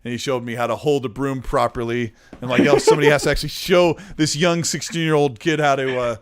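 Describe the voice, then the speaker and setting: A man's voice: medium pitch, fairly even intonation, fast, clean tone. A man co-hosting a gaming podcast, chatting casually and reading out viewer comments. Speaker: podcast co-host.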